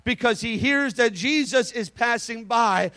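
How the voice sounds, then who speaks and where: A man preaching a Pentecostal sermon in church, going from calm, conversational instructions to shouted, impassioned exhortation. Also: very high voice, measured pace, no room sound. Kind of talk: Pentecostal altar-call sermon. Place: church sanctuary.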